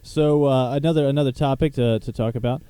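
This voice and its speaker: A man's voice: mid-range voice, steady tone, quick pace, warm tone, smooth, dry recording. A young man hosting a casual podcast chat, rambling through topics and laughing often. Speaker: show host.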